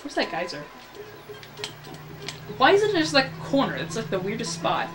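A man's voice: very high-pitched, huge pitch swings, moderate pace. A man giving casual let's-play commentary, rambling and ranting about the game as he plays. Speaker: gameplay commentator.

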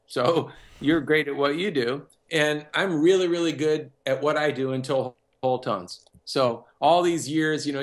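A man's voice: mid-range voice, fairly bright tone. A man who works as a music producer and composer, telling a personal story in a casual interview and acting out other people's lines as he goes.

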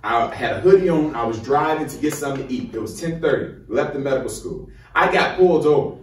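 A man's voice: medium pitch, expressive, fast talker. Fired-up young man in an echoey hall. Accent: Chicago. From Chicago, USA. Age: 20s. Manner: fired-up, preacher-like call and response. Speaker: medical student speaking to high schoolers. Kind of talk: motivational speech. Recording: roomy echo, from far off.

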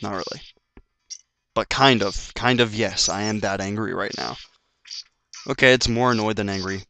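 A man's voice: fairly low pitch, moderate pace, pushed and bright. A man doing gameplay commentary, ranting in frustration and swearing often. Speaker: let's play commentator. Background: faint game music.

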